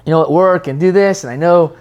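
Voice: medium pitch, fast talker, lo-fi sound, lightly acted. A preacher voicing the devil as a frustrated, scheming figure who grumbles in a rambling way. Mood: grumbling.

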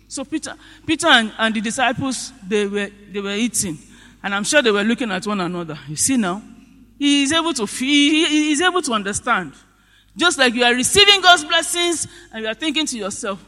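High, bright-voiced man preaching in a hall. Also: animated, moderate pace. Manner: storytelling, rhetorical questions, bursts of rising emphasis. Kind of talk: sermon. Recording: long reverb of a large hall.

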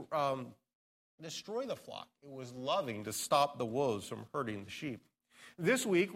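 A man preaching an earnest expository sermon as pastor, reading scripture aloud and stressing key words. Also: fairly high pitch.

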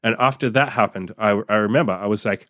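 A man's voice: on the low side, fast talker, fairly bright tone, dry recording, studio quality. A young man telling a story from his diary in a casual podcast monologue, swearing often and reacting aloud as he reads. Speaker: podcast host reading his old diary.

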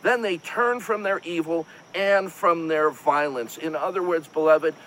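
A man's voice: fairly high pitch, a little slow, a bit bright, poor audio. A man preaching a sermon in an impassioned, pleading way, often calling on his listeners to listen. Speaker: pastor.

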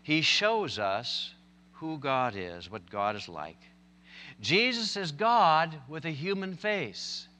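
A man's voice: on the high side, very animated, slow pace, pushed and bright, big-room sound. A man preaching a sermon, telling stories and building to emphatic, impassioned points. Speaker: pastor.

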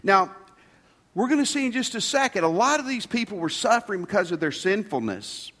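A man's voice: high voice, sing-song, brisk, a bit bright. A man preaching a sermon in a folksy, conversational way, asking his congregation rhetorical questions. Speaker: pastor. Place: church sanctuary. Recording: long hall reverb.

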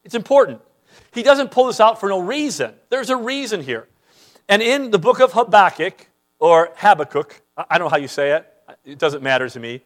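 A man preaching a sermon as pastor, emphatic, repeating words as he starts sentences and swinging between loud and quiet. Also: high voice, sing-song, a little fast.

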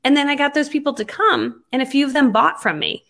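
Lively storytelling woman, fairly high voice. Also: fairly quick, gravelly. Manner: lively, acts out her own past lines. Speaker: network marketing entrepreneur. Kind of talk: animated storytelling in conversation.

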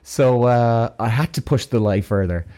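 A man casually telling an animated, profane story about himself. He acts out bits of dialogue and keeps checking in with a rhetorical "right?". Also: medium pitch, normal speed. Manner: frequent restarts and rhetorical "right?". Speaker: storyteller, vlogger.

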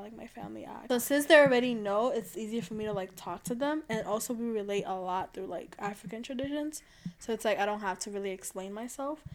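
A young woman in casual chat with a friend, chatty and laughing often, full of fillers. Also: medium pitch. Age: young adult.

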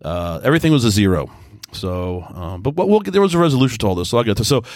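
A man's voice: fairly low pitch, sing-song, racing, dry recording. Rambling, easygoing man with a dry sound. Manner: rambling, chatty storytelling with frequent restarts; easygoing, self-described mellow. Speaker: podcast host. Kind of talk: casual monologue.

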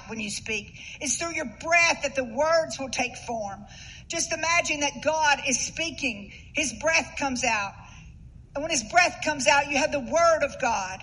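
High, bright-voiced woman preaching. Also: moderate pace, slight background noise, low-quality recording. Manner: earnest, rising to emphatic bursts. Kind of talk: sermon.

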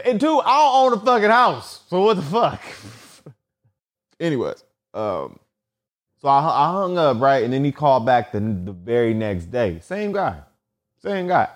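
A man's voice: a little high, sing-song, a little slow, pauses often. A man hosting a solo podcast, telling profane comedic stories with lots of filler and repetition. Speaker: podcast host.

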